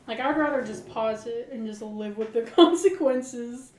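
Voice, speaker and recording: High-voiced woman rambling in casual chat. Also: measured pace, a little mellow, echoey room. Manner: rambling, heavy use of "like". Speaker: podcast co-host.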